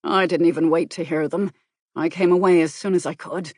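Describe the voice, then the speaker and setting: A grave, controlled man, read by a woman, talks in a measured, earnest way, quietly worried and gently persuasive. The voice sits low, recorded close and dry in an audiobook. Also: fairly even intonation, no echo, natural voice.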